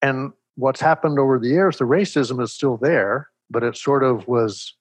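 Older husky guy from texas telling stories, dry close sound, medium pitch. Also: dry recording. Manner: measured, reflective, animated storyteller. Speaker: interview guest. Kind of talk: storytelling in conversation.

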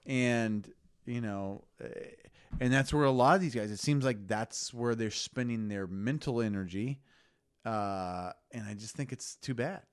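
A man who once played college football, guesting on a casual sports podcast over wine and giving his opinions with quick interjections. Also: mid-range voice, smooth.

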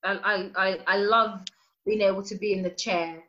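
A woman's voice: mid-range voice, fairly even intonation, normal speed, sharp tone, lo-fi sound. A woman, a sketch comedy actor chatting as a podcast guest, laughing often and filling with "like". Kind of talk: casual podcast chat.

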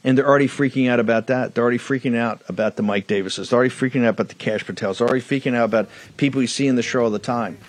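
A man's voice: mid-range voice, racing, few pauses. A man hosting a political talk show, delivering an emphatic monologue with hammering repetition into a studio microphone.

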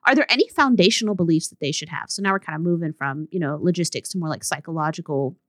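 A woman's voice: low-pitched, quick pace, fairly bright tone, dry recording. Candid woman coach, blunt solo podcast host, dry recording. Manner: blunt, candid, with laughing asides.

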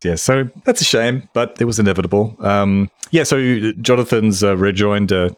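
A man co-hosting a podcast in casual chat, relaxed and explanatory with dry amusement. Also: fairly low pitch, normal speed, no echo. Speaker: podcast co-host.

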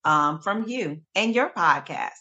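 A woman gospel singer, a guest in a casual interview, talking in a calm, easygoing way. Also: on the low side, a little slow, dull audio.

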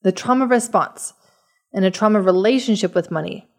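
Woman podcast host explaining calmly. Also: mid-range voice, normal speed. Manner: calm, explanatory. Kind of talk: scripted host narration.

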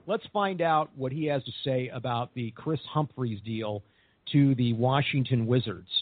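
A man's voice: medium pitch, moderate pace, no echo. A man hosting a sports talk podcast, talking in an upbeat, optimistic way. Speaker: podcast host. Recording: phone-like line.

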